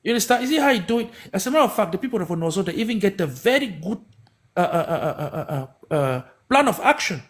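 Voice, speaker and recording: A man's voice: high voice, big pitch swings, fast, slightly rough. A man from Cameroon with a Cameroonian Pidgin English accent, giving rambling political commentary on a livestream, full of restarts and rhetorical questions. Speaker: livestream host.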